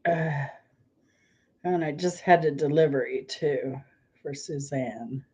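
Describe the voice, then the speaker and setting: Brief: woman livestream host, slow rambling chat, lowish voice, coughing, lo-fi audio. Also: darkish tone, slightly rough. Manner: chatty, self-amused, trailing off mid-sentence. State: coughing and sneezing. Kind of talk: casual chat reading viewer comments.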